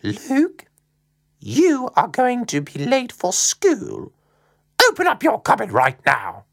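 A woman voicing an exasperated mother hurrying her son, shrill and scolding. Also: huge pitch swings, takes it slowly, heavily acted.

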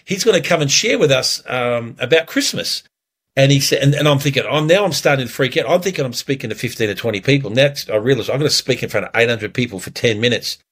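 A man preaching as a pastor, telling a story earnestly before communion, lively when he retells it. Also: medium pitch, racing, hardly any pauses, husky.

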